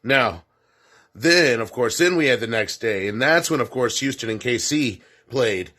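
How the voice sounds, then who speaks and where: A man's voice: medium pitch, expressive, unhurried, sharp tone. A man co-hosting a sports show segment, giving casual commentary with folksy asides and self-corrections.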